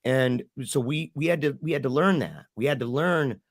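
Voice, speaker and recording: A man's voice: mid-range voice, moderate pace, no room sound, clean studio sound. A middle-aged man, a podcast guest, telling an emotional story and acting out the people in it. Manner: animated, acts out quoted voices.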